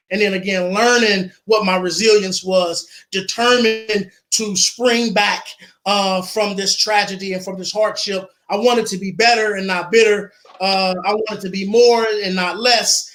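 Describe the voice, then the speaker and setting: A man's voice: high-pitched, a bit bright. A man speaking as an interview guest, telling his own story earnestly and repeating phrases for emphasis. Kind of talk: personal storytelling in an online interview.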